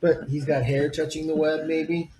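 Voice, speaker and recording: A man's voice: a little high, flat delivery, normal speed, mellow, poor audio. A man playing a tabletop game, chatting at length and asking questions. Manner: chatty and talkative. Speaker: player. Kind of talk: casual tabletop game chat. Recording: clear background hiss.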